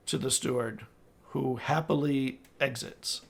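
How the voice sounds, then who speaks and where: High-voiced man narrating a tabletop game. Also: expressive, a little slow, gravelly, husky. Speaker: game master.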